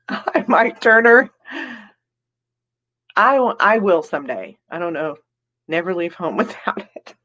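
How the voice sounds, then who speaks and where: A woman's voice: on the low side, animated, measured pace, pauses often, fairly bright tone, lo-fi sound. Chatty giggly woman live-streaming. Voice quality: giggly, laughs often between remarks. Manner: chatty and rambling, greets viewers by name. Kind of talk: casual live stream chat, reading comments.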